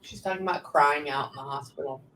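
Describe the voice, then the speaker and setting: A woman's voice: deep voice, fairly bright tone. Echoey, far-off woman giving a psychic reading. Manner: relays messages in bursts, often pausing with "hang on". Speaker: psychic medium. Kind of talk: live reading session. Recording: echoey room, distant mic, faint background noise.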